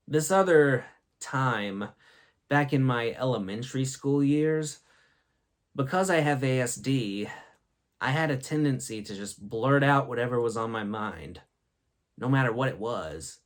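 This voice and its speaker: A man's voice: mid-range voice, takes it slowly, pauses often. A young man hosting a show, telling funny school stories and laughing at his own jokes. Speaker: host. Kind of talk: comedic storytelling.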